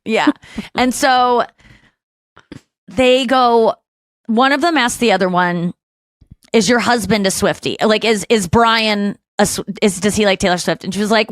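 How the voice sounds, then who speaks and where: A woman's voice: a little slow, pauses often, no room sound. A woman podcast host in her forties, telling a story in casual chat and acting out the people she quotes. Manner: animated storytelling, acts out quotes in a higher voice.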